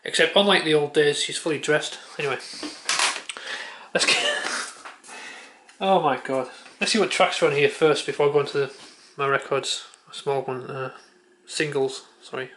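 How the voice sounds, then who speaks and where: A man's voice: on the high side, steady tone, normal speed, a bit bright. A man vlogging at home, chatting offhand with a handheld camera, muttering and swearing casually. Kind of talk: casual chat.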